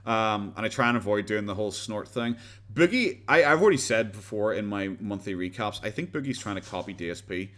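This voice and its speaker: Irish male streamer, slightly low-pitched, profane and rambling, casual chat with viewers. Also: lively intonation, fairly quick, a bit bright. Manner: rambling, blunt and profane, with frequent restarts and laughs. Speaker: livestream host.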